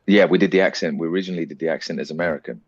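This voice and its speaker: A British actor talking as an interview guest, explaining his craft at length in a relaxed, reflective way. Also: sits low, very fast, slightly rough, dry recording, muffled recording. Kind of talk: casual interview chat.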